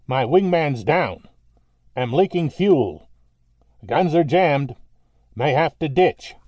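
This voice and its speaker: A man voicing a wounded, frightened young male Marine pilot who talks in slow, halting bursts. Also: a little high, animated, darkish tone, breathy edge, no echo, heavily acted. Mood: fearful.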